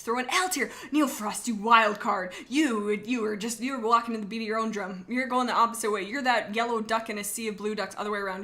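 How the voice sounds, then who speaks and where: A woman with a bright, sharp voice talks in a loose, joking way, rambling from one thought to the next. She chats casually with her stream audience as the host. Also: on the high side. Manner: rambling and jokey, chatting to viewers. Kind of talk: casual live-stream chat.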